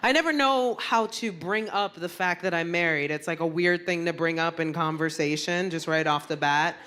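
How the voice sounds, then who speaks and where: A woman comedian doing a stand-up set, brash and animated, landing blunt punchlines. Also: lowish voice, normal speed. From Puerto Rican heritage. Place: comedy stage before a crowd. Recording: live club with loud audience laughter and noise.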